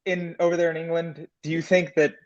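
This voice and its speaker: A man's voice: a little high, level tone, a little fast, dull audio. A man, a life coach chatting casually as a podcast guest and calling everyone "man". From United States. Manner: easygoing, calls everyone "man". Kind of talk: casual chat.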